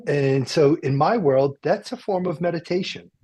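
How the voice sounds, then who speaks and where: A man's voice: on the high side, moderate pace, darkish tone. A man hosting a radio talk show from a car dealership, rambling and joking with plenty of fillers and restarts. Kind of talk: casual chat.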